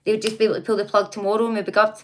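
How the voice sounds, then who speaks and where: A woman's voice: mid-range voice, little pitch movement, very fast. A woman hosting a casual livestream, chatting, laughing often and talking back to her viewers. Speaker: livestream host.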